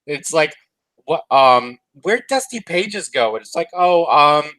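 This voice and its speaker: A man co-hosting a casual review chat, laughing often and retelling scenes in quick quoted snippets. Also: a little high, lively intonation, pushed and bright, poor audio. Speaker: co-host of a cartoon review show.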